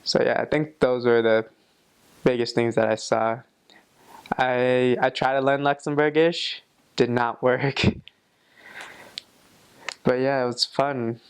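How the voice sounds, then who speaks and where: A man's voice: medium pitch, level tone, slow, long pauses, clean tone. A young man talking casually about his travels, loose and chatty with many fillers and laughs at himself. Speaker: traveler sharing experiences. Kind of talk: casual vlog talk.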